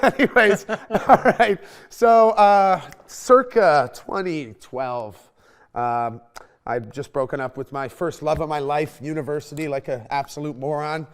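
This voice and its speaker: Animated young man telling a story. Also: on the high side, unhurried, smooth. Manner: animated, swearing, laughing storyteller. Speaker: podcast host. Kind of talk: casual storytelling chat.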